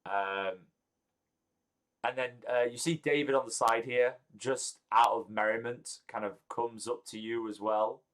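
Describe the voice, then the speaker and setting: A man narrating as game master of a tabletop game, halting with frequent ums and restarts. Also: mid-range voice, steady tone, a bit bright.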